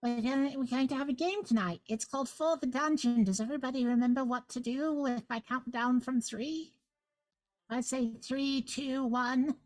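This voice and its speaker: A woman's voice: high-pitched, normal speed, no room sound, rough recording. A woman running a tabletop game as guest game master, chatting in a playful, joking, rambling way on a livestream. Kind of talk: casual livestream chat.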